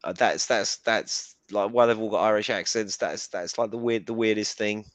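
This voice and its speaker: A man speaks as a guest on a casual live-stream chat. His voice sits fairly low and sounds dry and close. He talks haltingly, often repeating words and restarting sentences. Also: no room sound.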